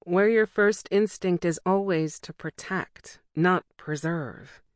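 A sharp-tongued, fiercely loyal young friend who teases and scolds in the same breath, as a woman reads her. The voice sits low for a woman. It is close and dry, with no room around it. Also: slow, dry recording. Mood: earnest. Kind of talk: audiobook dialogue.

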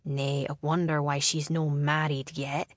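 A woman's voice: sits low, level tone, no echo. A woman voicing a proud, teasing clan laird in a storybook reading. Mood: gruff, teasing. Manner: slow, dry, quipping.

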